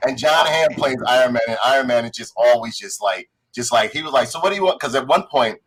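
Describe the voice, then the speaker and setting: Male podcast co-host, mid pitch, animated storyteller who acts out lines and swears casually. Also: brisk, a crowd in the background, low-quality recording. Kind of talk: casual chat reviewing a show.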